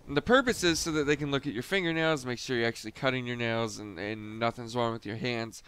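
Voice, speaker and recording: A young man tells a story in a relaxed vlog style, loose and a bit profane. His voice is smooth and clean at a middle pitch. He gets animated as he goes and chuckles along the way. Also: fast. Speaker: storyteller, former Marine recruit.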